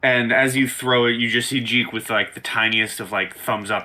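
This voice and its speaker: A man's voice: medium pitch, fairly even intonation, moderate pace, pushed and bright, poor audio. A man narrating a tabletop game as game master, playful and descriptive with hesitant fillers.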